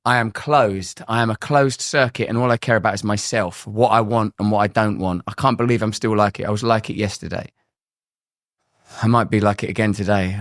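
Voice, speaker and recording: A man's voice: on the low side, no room sound, studio quality. An English man in his forties, a guest telling candid, rambling stories about recovery and faith. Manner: rambling, animated, acts out quoted voices.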